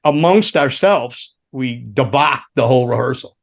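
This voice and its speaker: A creaky, medium-pitched male voice at normal speed belongs to a former roadie. As a guest in a casual podcast chat, he tells road stories profanely and animatedly, acting out the voices of people he quotes.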